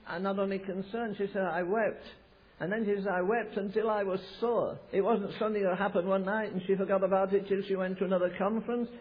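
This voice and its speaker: A man's voice: fairly even intonation, quick pace. A man from America preaching a sermon, telling stories with emphasis and frequent restarts. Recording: tinny, phone-like low-fidelity recording.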